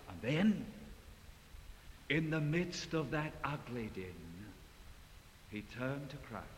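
A man preaching a sermon in a large hall, dramatic, swinging from loud passages to hushed ones. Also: medium pitch, expressive, slow pace, long pauses. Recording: long hall reverb, faint hiss.

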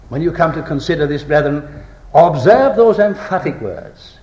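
A man preaching a sermon, reciting scripture with stressed final words and asking the congregation rhetorical questions, moving between ringing declamation and hushed low tones. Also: very animated, moderate pace. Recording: echoey hall.

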